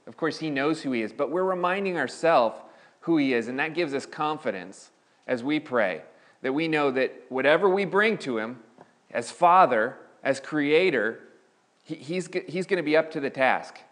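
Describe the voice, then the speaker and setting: A male pastor delivers a sermon in a church sanctuary, his voice fairly high, animated and fairly bright at a moderate pace. He preaches conversationally, often restarting his sentences and raising his voice on key points.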